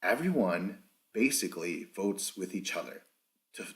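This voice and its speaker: A man's voice: low voice, lively intonation, normal speed. A man hosting a casual solo recap podcast without a proper mic, rambling, swearing often and correcting himself as he goes. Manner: rambling, profane, self-correcting. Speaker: podcast host.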